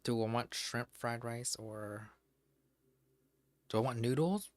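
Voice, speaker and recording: A man's voice: mid-range voice, slow. A man streaming from home who chats casually, rambles to himself, and swears freely. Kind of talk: casual live-stream chat.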